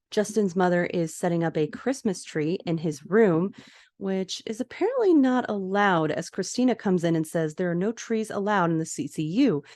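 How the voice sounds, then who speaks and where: A woman's voice: mid-range voice, expressive, moderate pace, a little mellow, no room sound, studio quality. A woman hosting a podcast, casually retelling a TV episode scene by scene and quoting the characters. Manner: narrates scenes, quotes characters, laughs often. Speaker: podcast host recapping a TV episode.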